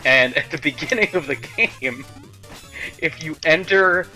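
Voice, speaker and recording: A man's voice: a little high, unhurried, bright, forceful tone, faint music behind, poor audio. A man hosting a casual gaming stream, chatting and laughing. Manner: chatty, laughing, quoting lines in voices. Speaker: stream host.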